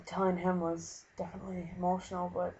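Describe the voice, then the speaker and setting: A young man from Minnesota talking earnestly in a casual vlog, halting and full of fillers as he retells a conversation. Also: high voice, completely flat delivery, a little mellow, a little hiss or hum. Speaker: vlogger. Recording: dull lo-fi webcam recording.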